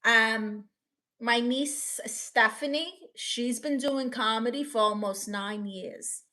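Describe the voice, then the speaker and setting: A woman's voice: a little high, slow pace, bright, forceful tone. A woman with a New York accent hosting a livestream, reading the chat and giving playful, sassy advice.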